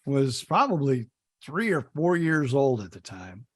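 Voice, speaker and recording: A middle-aged Indiana man co-hosts a podcast, telling folksy stories in casual conversation. His medium-pitched voice is slightly rough, with big pitch swings and a measured pace, and he repeats words when starting a sentence.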